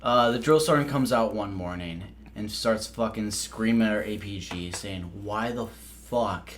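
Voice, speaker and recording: A young man co-hosting a podcast, telling animated, profanity-laced stories in casual chat. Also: on the low side, normal speed, slight background noise. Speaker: podcast co-host.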